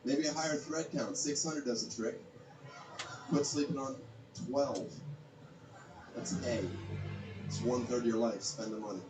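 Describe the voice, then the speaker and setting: Deadpan dude doing one-liners on stage, low voice, kinda far off and echoey. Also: male voice, a little slow, long pauses, background noise. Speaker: stand-up comedian. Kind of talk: stand-up set.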